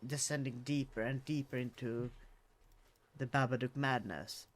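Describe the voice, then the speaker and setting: Man, podcast co-host, slow delivery, halting, casual movie chat. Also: mid-range voice, steady tone. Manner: hesitant, restarts phrases.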